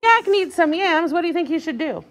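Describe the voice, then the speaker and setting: High, animated woman teaching early reading. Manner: animated, encouraging, sounds out words slowly. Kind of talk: guided reading lesson for young children.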